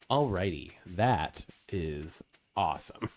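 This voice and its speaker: A man casually commenting as he streams a farming game, chatty with lots of fillers, often dropping into soft baby talk to his dog. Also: low-pitched, animated, unhurried, long pauses, a little hiss or hum.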